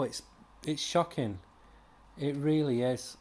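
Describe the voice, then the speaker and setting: A man's voice: mid-range voice, measured pace, pauses often, a little mellow. A British man giving a casual, rambling comic book review, exasperated, with sighs and mocking impressions.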